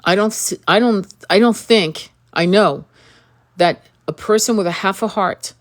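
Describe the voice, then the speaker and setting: A woman's voice: mid-range voice, measured pace. A woman host talking straight to the viewer in an impassioned monologue. She is earnest and pleading, repeats and restarts her words, asks direct questions, and breaks off now and then to cough from an irritated throat. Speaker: spiritual reader and channel host.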